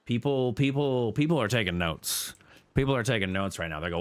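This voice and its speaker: A man in the middle of a multiplayer gaming session, talking casually with his friends. His tone is playful and teasing, with lots of repeated words and restarts. Every so often his voice jumps into high, squeaky exclamations. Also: expressive, fairly quick. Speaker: gaming streamer. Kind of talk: casual multiplayer gameplay chat.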